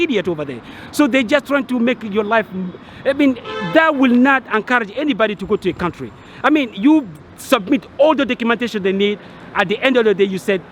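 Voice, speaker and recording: A man's voice: very high voice, lively intonation, a little fast, a bit bright, faint music behind. A man ranting in frustration to his vlog audience, annoyed and agitated, stumbling over restarts and repeating himself. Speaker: vlogger. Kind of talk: angry rant to camera.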